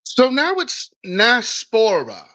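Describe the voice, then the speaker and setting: A man's voice: very high-pitched, wildly swooping pitch, takes it slowly, pushed and bright. A man hosting political commentary in a blunt, sarcastic, emphatic way, with a dull lo-fi recording. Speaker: news commentary host.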